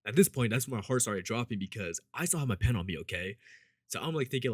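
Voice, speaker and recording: Animated and fast, a man rambles casually through a story, swearing often and filling silences with "like" and "you know." He dramatizes the people he quotes using changes in pitch and volume. The recording is dry and of studio quality.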